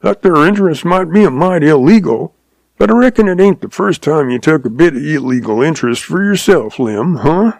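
A man voicing a shrewd old cowboy who talks in a slow, patient, folksy drawl. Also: a little high, expressive, creaky, darkish tone, dry recording, pitched above the performer's own voice. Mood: amused. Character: shrewd old cowboy, calm, sly, chuckling.

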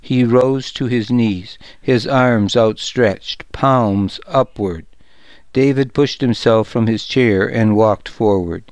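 Male audiobook narrator, slow, smooth, dry studio sound. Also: mid-range voice, dry recording. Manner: calm, measured storytelling.

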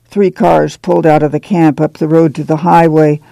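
A man's voice: on the high side, flat delivery, moderate pace, gravelly, warm tone, no room sound. A man reading a novel aloud, with drawled folksy dialogue. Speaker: audiobook narrator. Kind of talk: scripted narration with acted dialogue.

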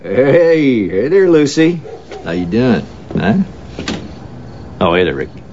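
A man's voice: medium pitch, big pitch swings, takes it slowly, darkish tone. Brief: scruffy estranged father in his fifties, brash and rambling; lo-fi film clip with hiss. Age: 50s. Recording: dull lo-fi film clip with noise.

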